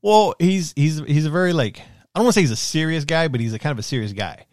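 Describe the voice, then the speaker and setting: A man's voice: on the high side, fast, no room sound, studio quality. Slangy, rambling man. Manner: rambling storyteller, slangy, laughs often. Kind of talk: casual chat.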